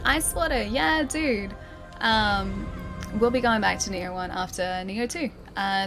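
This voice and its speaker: A young Australian woman streamer gives casual gameplay commentary in a medium-pitched, fairly bright voice. She's chatty, self-deprecating, and quick to laugh.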